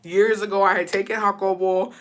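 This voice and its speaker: A woman's voice: mid-range voice, level tone. A woman telling a story to her live chat, cursing freely and switching between English and Spanish. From Texas. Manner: profane, switches into Spanish, quick laughs. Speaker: streamer.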